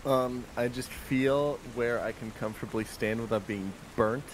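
A man playing a tabletop game, speaking in character with brash, taunting shouts. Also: medium pitch, measured pace, a little hiss or hum. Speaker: player. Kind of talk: in-character tabletop role-play.

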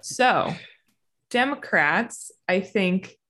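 A woman's voice: medium pitch, lively intonation, drawn-out words, a bit bright. A young woman co-hosting a comedy podcast, chatting loosely and laughing often. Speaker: podcast co-host. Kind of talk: casual comedic chat.

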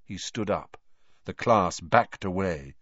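A man narrating a storybook in expressive, dramatic storytelling. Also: low voice, slow pace, breathy edge, no echo. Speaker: audiobook narrator. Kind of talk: scripted narration. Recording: dull dry lo-fi recording.

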